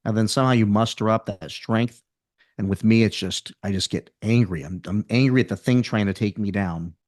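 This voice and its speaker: A man with a low, deep voice gives an intense, pep-talk style interview as a motivational speaker. The recording is dry and close, with no room sound behind him. He pushes his points hard and keeps the energy driving. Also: a little fast, darkish tone, no echo. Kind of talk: podcast interview.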